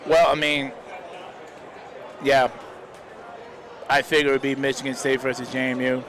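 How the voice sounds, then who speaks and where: A man's voice: medium pitch, flat delivery, a little slow, background noise. A young man giving casual live commentary on a stream, rambling and heartfelt, often adding "man" to his sentences.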